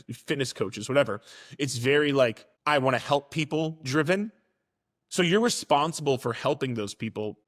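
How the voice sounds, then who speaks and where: A man's voice: medium pitch, fairly bright tone, big-room sound. A man and fitness coach giving a casual, direct motivational monologue, now and then swearing for emphasis.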